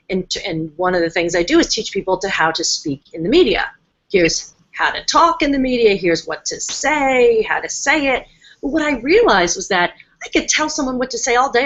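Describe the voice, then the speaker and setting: A woman coach hosts a casual live-stream talk, chatty and emphatic, often mimicking her clients' voices. Her voice sits on the low side and is a little bright, with the highs cut off.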